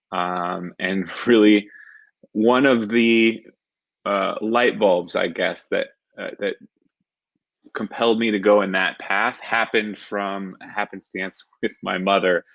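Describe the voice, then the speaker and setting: A fairly low-voiced man in his thirties tells a personal story on a live stream, chuckling often and wandering through fillers. The audio is dull and lo-fi, with a dry, close sound. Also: vocal fry, fairly bright tone, dry recording. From San Francisco Bay Area, California. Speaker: stand-up comedian.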